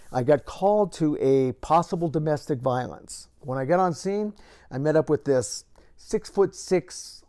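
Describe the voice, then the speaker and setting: An older man, a retired police officer, tells a story from his career to the camera and builds lively moments into it. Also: fairly high pitch.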